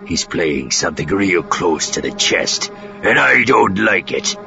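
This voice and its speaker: A male narrator voicing a menacing male pirate chief with a rumbling, dark manner. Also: sing-song, unhurried, gravelly, muffled recording, over music, exaggerated voice.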